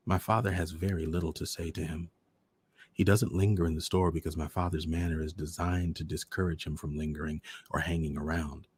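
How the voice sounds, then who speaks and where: A man hosting a storytime show, reading a short story aloud in a measured, deliberate way. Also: very deep voice, little pitch movement, a little mellow, breathy edge. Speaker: storyteller host.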